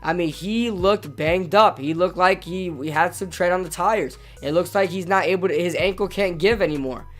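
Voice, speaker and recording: A man with a hoarse, strained voice, ranting casually about his football team as a sports vlogger, often repeating himself as he gets fired up. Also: sits high, normal speed, hardly any pauses, a bit bright, faint music behind. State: hoarse from yelling at a game.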